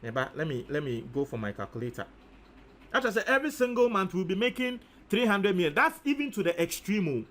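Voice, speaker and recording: A Ghanaian man with a high voice talks through his sums out loud in relaxed commentary. He repeats figures to himself as he reasons. He slips easily between English and Twi phrases. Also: a little fast. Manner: thinks aloud, repeats figures, mixes in Twi. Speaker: news commentator. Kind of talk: casual commentary, working out sums aloud.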